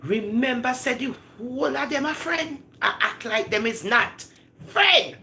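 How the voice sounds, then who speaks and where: A woman talks straight to her viewers in a casual live commentary, her pitch leaping all over as she laughs and gossips. Her voice is bright and forceful, and her patois-flavored phrasing comes through strongly. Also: animated, measured pace.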